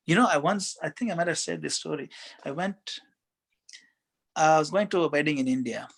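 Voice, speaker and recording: A man giving a conversational spiritual talk as a guest speaker, telling stories in a relaxed way with many fillers. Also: on the high side, brisk, creaky, breathy edge.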